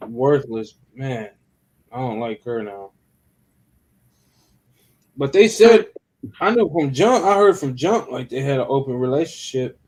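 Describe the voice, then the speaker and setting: A relaxed man with an ordinary middle-pitched voice in a loose conversation. He talks bluntly and swears freely. He chimes in fast with short reactions. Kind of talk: casual chat.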